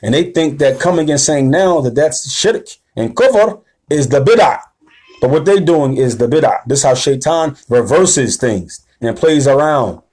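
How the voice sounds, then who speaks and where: Man preaching, slangy and emphatic, keeps asking okay?, voice on the higher side. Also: animated, a little slow. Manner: rousing, rising and louder at the call to action. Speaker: religious teacher. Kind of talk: sermon lecture.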